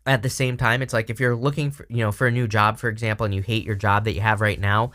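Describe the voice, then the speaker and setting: Man, tarot reader, casual monologue, somewhat low voice, rambling, filler-heavy, laughs often. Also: fairly even intonation, fast, a bit bright. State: hiccups.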